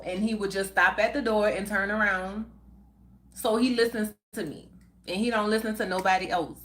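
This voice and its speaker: A woman's voice: mid-range voice, steady tone, a bit bright. A middle-aged woman hosting a live stream, chatting casually and reading viewer comments aloud, laughing often. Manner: chatty, laughs often, drawn-out unhurried delivery. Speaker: livestream host.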